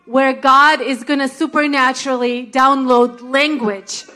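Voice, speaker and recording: A woman's voice: high-pitched, level tone, unhurried, sharp tone. A woman with a Russian accent sharing earnestly and personally in a sermon. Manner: earnest, personal, laughs at herself.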